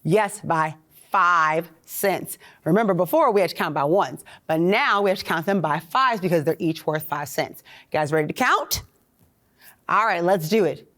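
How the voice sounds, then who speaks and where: A woman teacher counting coins with children in a cheerful, excited way. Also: lowish voice, normal speed. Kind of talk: children's lesson.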